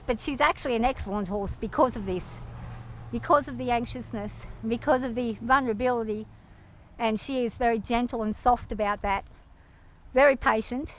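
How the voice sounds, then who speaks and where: An anxious woman talking to camera while on horseback outdoors, hesitant and soft-spoken, speaking gently to her horse, recorded on a worn action camera. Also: a little high. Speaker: nervous horse rider. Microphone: action camera worn by the rider.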